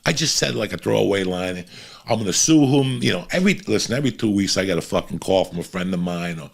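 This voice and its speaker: A man from Cuba tells stories on a podcast in a low, gravelly voice. He rambles and talks bluntly, with plenty of swearing. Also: expressive, quick pace. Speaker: podcast guest or host telling stories.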